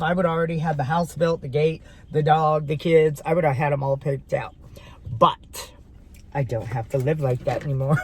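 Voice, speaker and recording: A man casually telling a dating story to camera, animated and dramatic, laughing often. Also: on the high side, normal speed. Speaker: vlogger.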